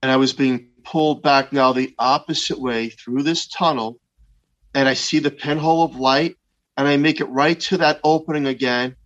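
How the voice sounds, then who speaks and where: Halting earnest man, slightly muffled. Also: mid-range voice, steady tone, a bit bright. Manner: slow, halting, earnest retelling with many restarts. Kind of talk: personal testimony of a near-death experience.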